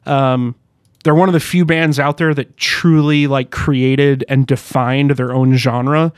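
A man's voice: mid-range voice, fairly even intonation, takes it slowly, smooth, no echo, studio quality. A man co-hosting a casual podcast chat, joking, laughing often and reading quotes aloud. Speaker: podcast co-host.

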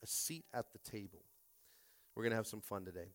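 A man's voice: fairly low pitch, fairly quick. A man preaching a Sunday sermon as pastor, stumbling over repeated words and rallying his listeners.

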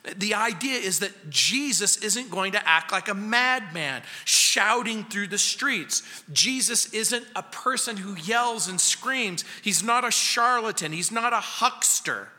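Brief: male preacher giving an emphatic verse-by-verse sermon, tense bright tone, sanctuary echo. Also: high voice, expressive. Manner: emphatic preaching, speeding up and slowing down for effect. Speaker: pastor. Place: church sanctuary. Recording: long reverb of a church sanctuary.

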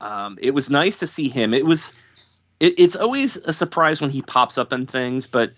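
A man hosting a podcast, talking thoughtfully in casual chat and pausing often on ums and uhs. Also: mid-range voice, big pitch swings, a bit bright, no echo. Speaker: podcast host. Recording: dry, dull lo-fi sound.

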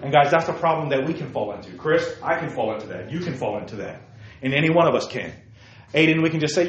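A man preaching a sermon to young people, lively, calling listeners by name and asking them questions, swinging from loud outbursts to hushed asides. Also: fairly high pitch, quick pace, echoey room, dull audio. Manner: addresses listeners by name, asks rhetorical questions. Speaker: youth preacher.

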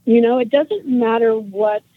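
A woman's voice: a little high, unhurried, no echo. A woman in her forties, a guest in a casual interview, talking in an earnest, heartfelt, rambling way. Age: 40s. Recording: dry tinny phone-like line.

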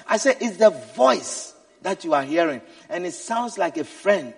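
A man preaching a sermon, swinging from quiet asides to shouted exhortations. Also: high voice, lively intonation, a little slow, gravelly, hardly any pauses, husky. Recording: echoey hall, mic at a distance.

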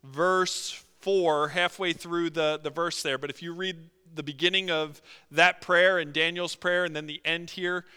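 Bright, animated male preacher in a hall. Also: a little high, unhurried, few pauses, smooth. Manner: animated, acts out quotes, many fillers. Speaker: pastor. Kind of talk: sermon. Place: church sanctuary. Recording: long hall reverb.

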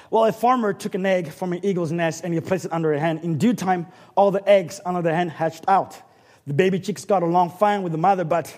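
A man preaching a sermon, with dramatic swings that build up to shouting. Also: sits high.

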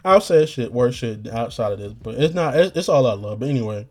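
Hoarse young man rambling on a podcast. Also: medium pitch, animated, brisk, darkish tone. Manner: slangy, profane, rambling with restarts. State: getting hoarse. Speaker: podcast host. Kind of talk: rambling casual monologue.

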